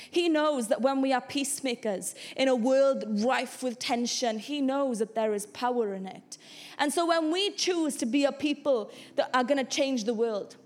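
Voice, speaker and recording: A high-pitched woman pastor preaches to her congregation. Her delivery is earnest and climbs into passionate calls to action. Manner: earnest, builds to impassioned exhortation. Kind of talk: sermon. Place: church hall.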